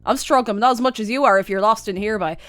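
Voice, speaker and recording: A woman's voice: medium pitch, fast talker, fairly bright tone. Chatty Irish woman streamer, laughing a lot. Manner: chatty, laughs often, rambling asides. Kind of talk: casual chat, storytelling to stream.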